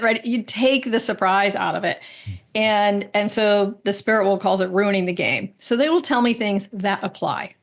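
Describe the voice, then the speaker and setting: Casting note: woman, mid-pitch, podcast guest, chatty and animated, acts out quotes, keeps checking in with "right?". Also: moderate pace. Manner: frequent "right?" tag questions. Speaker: guest, medical intuitive. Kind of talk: conversational interview.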